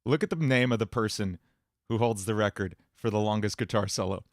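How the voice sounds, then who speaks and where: A man's voice: on the low side, brisk, dry recording, clean studio sound. A man chatting casually on a livestream as a streamer and musician, in a rambling, jokey way with frequent restarts.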